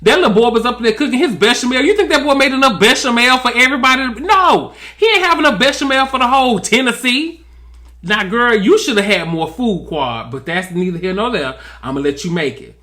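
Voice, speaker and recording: A man's voice: very high voice, lively intonation, fairly quick, pushed and bright. A man giving sassy, drawling comedic recap commentary on a reality TV episode. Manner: sassy, drawling, mimics cast members in quotes.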